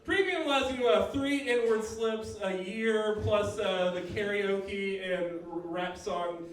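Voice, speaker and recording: A man's voice: sits high, slow pace. A man voicing a polite male customer service agent who sells upgrades in a bureaucratic way. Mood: upselling. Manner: bureaucratic, upselling. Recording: echoey room, mic far off.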